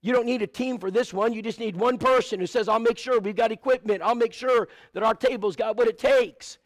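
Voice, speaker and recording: A man's voice: very high voice, brisk, no room sound. A man preaching a sermon, telling stories and rattling off lists of supplies with asides to the congregation. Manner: storytelling with many lists and asides.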